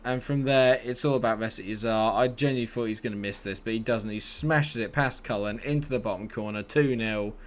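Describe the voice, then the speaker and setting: Jokey man commentating a football game. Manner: jokey, swings from low muttering to excited shouts. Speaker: gaming YouTuber.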